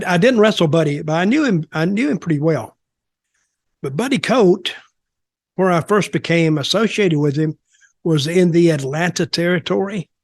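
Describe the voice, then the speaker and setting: A man's voice: fairly high pitch, gravelly, no echo. Older man spinning stories. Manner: rambling, repeats words as he talks. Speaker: podcast host, former wrestler. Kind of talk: casual storytelling.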